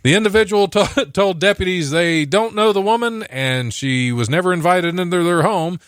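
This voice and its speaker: A man's voice: sits high, expressive, moderate pace, a bit bright, clear, resonant tone, dry recording, studio quality. A man hosting a casual comedy podcast, reading odd news stories aloud with jokey asides. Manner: reads news items aloud with asides and laughs. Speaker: podcast host.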